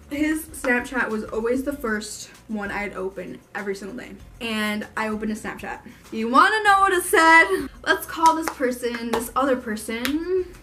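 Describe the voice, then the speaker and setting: Young woman ranting thru a storytime vlog, kinda high voice, cusses a lot. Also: a bit bright. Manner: frank and profane, lots of swearing; fired up and emphatic. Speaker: vlogger.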